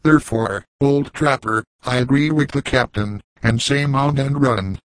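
A man's voice: medium pitch, unhurried, no echo, natural voice, poor audio. A man voicing a blunt, practical young frontier bee hunter with plain, folksy talk. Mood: wary.

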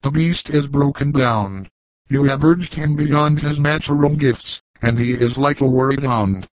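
A man's voice: mid-range voice, unhurried, dry recording, natural voice, low-quality recording. A man reading the part of a weathered old backwoods trapper, plainspoken and chiding, in a dry audiobook recording. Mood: stern.

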